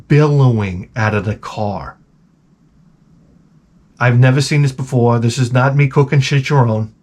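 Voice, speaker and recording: A man telling a story in a casual vlog rant, animated and profane with many restarts. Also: medium pitch. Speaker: vlogger.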